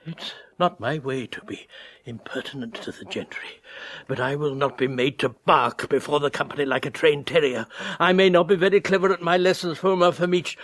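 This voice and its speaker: A proud old servant. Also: male voice, high voice, fairly bright tone, no room sound. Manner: dignified, reproachful. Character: proud, elderly male servant. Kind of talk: 1980s radio drama acting.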